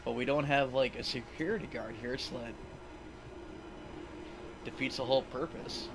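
A man's voice: mid-range voice, moderate pace, music in the background, poor audio. A young man doing sarcastic, profane gameplay commentary as a let's play host.

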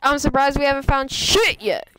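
A woman doing live gameplay commentary, goofy and excitable, often squealing and laughing at her own jokes. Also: high-pitched, normal speed, raised voice. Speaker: game streamer.

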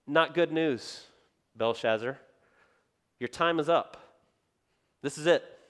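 A man, a pastor, preaching a sermon and telling the story in a lively way, acting out the voices he quotes. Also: fairly high pitch, slow pace, pauses often.

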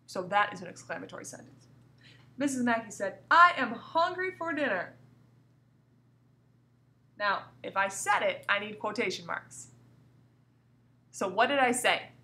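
A woman teacher giving a recorded grammar lesson to young pupils, reading example sentences aloud with marked pauses and coaxing the class with questions. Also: medium pitch. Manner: lively, coaxing questions to students. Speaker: elementary school teacher.

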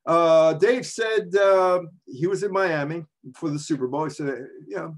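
Giving a casual talk full of stories, this New York-area sports journalist in his seventies wanders chattily through sports history. His pitch is fairly high, and he keeps a measured pace with few pauses.

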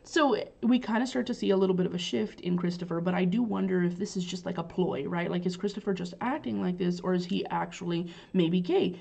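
A woman's voice: lowish voice, fairly quick, gravelly, few pauses, darkish tone, slightly rough. A woman teacher casually recapping a play for her students, chatty and loose with lots of fillers. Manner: chatty, paraphrasing lines loosely with many fillers. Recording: dull lo-fi recording.

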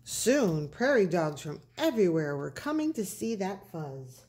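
A woman reading a children's picture book aloud, very expressive, with animated sound effects. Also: lowish voice, measured pace. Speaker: storybook reader.

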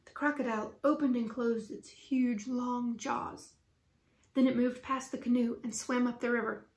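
A woman teacher reading a children's book aloud with lively, expressive storytelling. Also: on the high side, moderate pace. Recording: roomy echo.

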